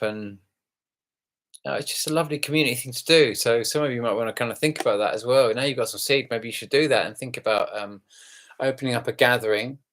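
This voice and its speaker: A man hosting a casual live stream, rambling and halting with many fillers, yawning and relaxed after some red wine. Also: medium pitch.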